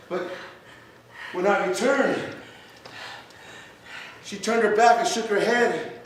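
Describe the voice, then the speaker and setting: A man tells a dramatic story on stage in a slow, measured way, his voice fairly high for a man. He sounds distant in a large, echoing hall with faint ambient noise behind him. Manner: measured, emotional storytelling that rises to shouts. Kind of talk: dramatic spoken-word performance.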